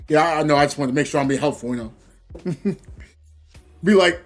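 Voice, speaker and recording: A man's voice: high voice, animated, normal speed, long pauses, faint music behind. A man streaming a game, chatting casually and rambling, acting out quoted voices of other people. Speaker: gaming livestreamer. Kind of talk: casual livestream chat.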